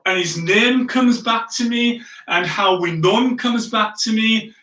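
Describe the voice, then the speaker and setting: Pastor telling a story in a sermon, high and bright, self-mocking, lots of "right?" asides, roomy sound. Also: male voice, a little slow. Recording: echoey room, distant from the mic.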